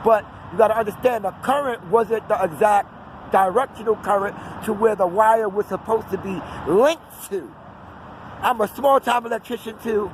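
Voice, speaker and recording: A man's voice: sits high, normal speed, poor audio. A man, rambling on in an unscripted outdoor vlog and drifting off into fillers. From New York City. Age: 40s. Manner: digressive, talkative, trails off into fillers. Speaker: vlogger. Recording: outdoor street noise and traffic.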